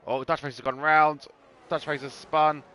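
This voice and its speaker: A man's voice: on the high side, flat delivery, bright, forceful tone, slight background noise. A man commentating on a sim race in a casual live stream, swearing freely and joking between calls. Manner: banter-heavy, swears casually, quick to laugh.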